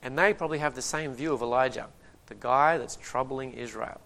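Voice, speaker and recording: Man preaching with lively humor. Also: medium pitch, brisk. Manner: lively, humorous retelling with acted-out quotes. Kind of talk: sermon with storytelling.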